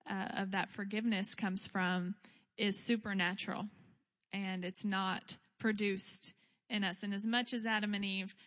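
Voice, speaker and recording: Slow-speaking woman in an echoing hall. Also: mid-range voice, little pitch movement, fairly bright tone. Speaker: co-speaker with pastor. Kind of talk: sermon. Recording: long hall reverb.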